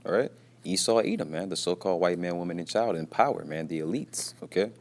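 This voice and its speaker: A man's voice: deep voice, brisk. A man teaching a casual scripture lesson from his workplace, repeating himself and tagging his lines with "you see" and "man", and keeping his voice down at times. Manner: repetitive, peppers talk with "man" and "you see"; speaks quietly at times, mindful of being at work.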